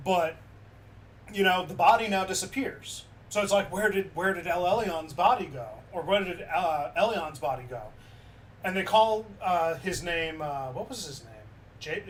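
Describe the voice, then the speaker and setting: A man streaming in a casual chat, retelling a story in a loose, animated way with many fillers. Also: a little high. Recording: distant mic with faint background noise.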